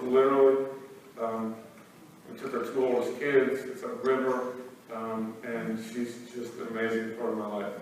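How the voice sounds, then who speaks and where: A middle-aged man telling an emotional personal story to a crowd of students, earnest and sometimes choked up, with many ums and restarts. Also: medium pitch. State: choked up at times. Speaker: guest speaker. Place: large school hall. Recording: very echoey hall, distant mic, faint noise.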